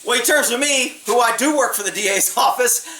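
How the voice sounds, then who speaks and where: Blunt ex-cop man, bright voice. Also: very high-pitched, brisk. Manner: blunt, streetwise, swears freely. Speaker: former police officer. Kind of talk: casual storytelling. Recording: echoey room, mic at a distance, faint hiss.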